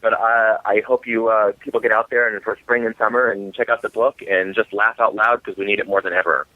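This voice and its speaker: A man with a lowish voice tells comic stories with animated energy. He comes through a thin, phone-like line with a dry, close sound. He acts out the other people's lines as he goes. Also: fairly quick, no room sound. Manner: animated, comic storyteller acting out quotes. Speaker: author guest. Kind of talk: storytelling interview.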